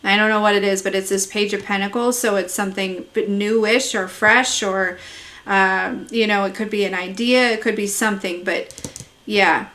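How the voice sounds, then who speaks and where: A woman's voice: medium pitch, steady tone, moderate pace, fairly bright tone. A woman giving a live-streamed tarot reading from home, chatty and affectionate, calling viewers darling and laughing often. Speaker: tarot reader. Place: at home with a dog.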